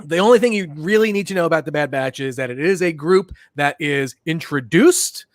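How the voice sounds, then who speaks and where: A man's voice: fairly high pitch, fairly quick, dry recording, studio quality. A man co-hosting a pop-culture podcast, talking casually and rambling with lots of fillers and restarts. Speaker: podcast co-host.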